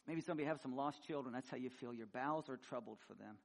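A middle-aged man preaching a sermon, swinging between loud, high emphasis and quiet, low asides. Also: fast, gravelly, few pauses. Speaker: pastor.

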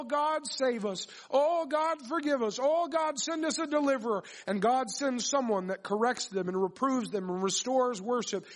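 A man with a very high-pitched voice preaches a sermon, first reading scripture aloud. He then builds his points through repetition and questions put to the congregation.

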